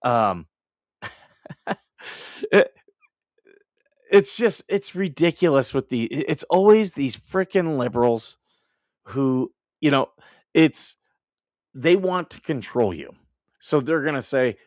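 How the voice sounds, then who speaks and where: A man's voice: mid-range voice, animated, slow, pauses often, no echo, studio quality. A man hosting a live stream, ranting and laughing as he comments, with many restarts. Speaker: livestream host.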